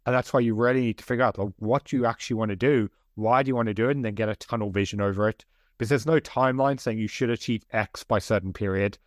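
A man's voice: lowish voice, fast talker, no echo, studio quality. A man who is a guest author and coach, speaking earnestly and motivationally in a podcast interview with many "like"s.

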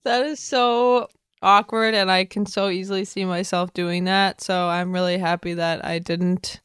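Podcast co-host lady, smooth clear voice, teasing, dry mic. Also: on the low side, flat delivery, unhurried, fairly bright tone, no room sound. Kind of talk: casual chat.

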